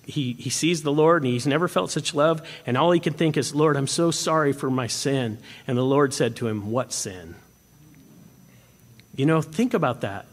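A man preaches with an animated delivery, driving some points hard and dropping to a near hush on others. His voice sits a little high for a man. The sound carries a long reverb from the hall. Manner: animated, swinging from emphatic to hushed. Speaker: pastor. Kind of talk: expository sermon. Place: church sanctuary.

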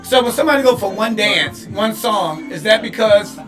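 A man co-hosting a podcast, joking loudly, laughing and exclaiming with teasing questions. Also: sits high, expressive, moderate pace, over music. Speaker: podcast co-host. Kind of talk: loud joking banter.

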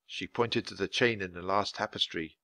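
A man reading a children's book aloud at a clear, natural pace for language learners. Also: deep voice, pushed and bright, no room sound. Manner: clear, deliberate storytelling for learners. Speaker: audiobook reader.

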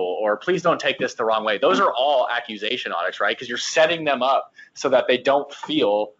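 A man's voice: medium pitch, expressive, moderate pace, few pauses, fairly bright tone, muffled recording. Enthusiastic man in a casual podcast chat. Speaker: podcast team member. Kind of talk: casual chat about a book.

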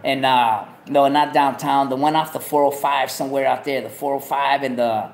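Brief: male host, storytelling, swearing freely, mid-pitched, echoey room. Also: steady tone, moderate pace. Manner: profane, loud street slang. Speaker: podcast host. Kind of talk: casual storytelling.

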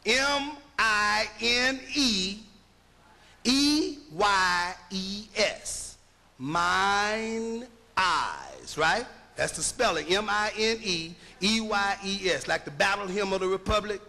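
An American man lectures with a high, piercing, bright voice that turns gravelly at the edges. He drives his points home emphatically, like a preacher, with rhetorical questions. His voice rings through a hall with a long echo. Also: very animated, slow pace. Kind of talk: public lecture.

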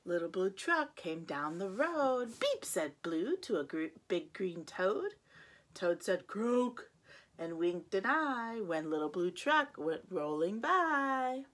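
A woman, a preschool teacher, reading a children's picture book aloud with expressive, sing-song phrasing. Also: fairly low pitch, slow pace.

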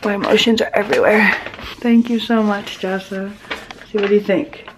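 A woman's voice: medium pitch, steady tone, normal speed. A young woman talks into her home camera, sick and close to crying. She gushes and keeps saying "oh my gosh." Faint hiss sits under the recording. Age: young adult. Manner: gushing, emotional, says "oh my gosh" often. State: sick and weak, near tears. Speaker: vlogger. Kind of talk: casual vlog to camera.

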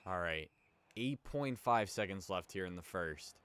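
A man with a lowish, smooth, clear voice talks through a hockey video game in a loose, chatty way. He rambles between plays and reacts to the action as it happens. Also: expressive, unhurried, fairly bright tone. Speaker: let's play host. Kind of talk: casual gameplay commentary.

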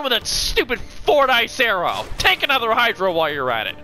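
A hoarse, bright-toned gamer commentating a digital card match. The pitch leaps wildly between low muttering and high shouts as they taunt the opponent. Faint music sits under the voice. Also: big pitch swings, quick pace, hardly any pauses. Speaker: gaming video creator. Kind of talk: excitable card game commentary.

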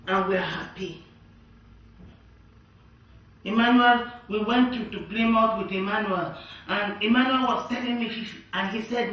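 A woman's voice: fairly high pitch, unhurried, sharp tone. A woman preaching a sermon in repetitive, emphatic declarations. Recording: echoey room, distant mic.

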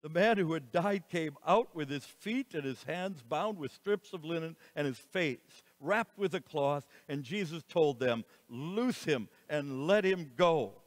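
Man preaching, rising to loud emphasis. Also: fairly high pitch, lively intonation, measured pace, hardly any pauses, no room sound. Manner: preaching, swings between soft and loud emphatic lines. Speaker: pastor. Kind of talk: sermon. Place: church.

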